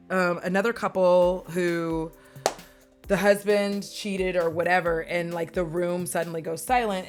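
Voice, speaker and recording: A young woman recapping a movie in a casual, rambling chat, swearing and wandering off on tangents. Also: on the low side.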